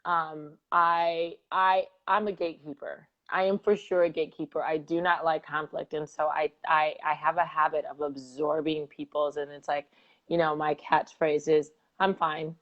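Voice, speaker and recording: A woman's voice: low-pitched, little pitch movement, moderate pace. A woman co-hosting a casual conversation, speaking candidly and reflectively about her relationship, with frequent fillers and laughs. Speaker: co-host. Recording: dull lo-fi audio.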